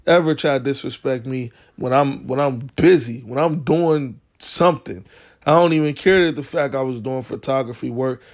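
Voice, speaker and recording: A man hosting a podcast, telling a story in a casual, profane, slangy way, getting heated as he goes. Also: medium pitch. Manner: slangy, profane, gets heated and loud when retelling arguments. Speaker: podcast host.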